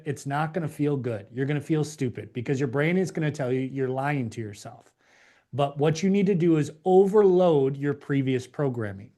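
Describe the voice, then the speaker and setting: A man's voice: on the high side, a little mellow. A man teaching a live online class, emphatic and preachy, acting out the inner voices of doubt. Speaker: course instructor.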